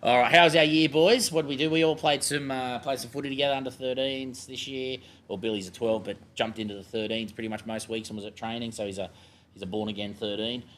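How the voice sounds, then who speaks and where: A man's voice: medium pitch, fairly even intonation, quick pace, a bit bright, a little hiss or hum. An Australian man hosting a casual club show and coaching a junior footy team, laid-back and matey as he jokes with kids.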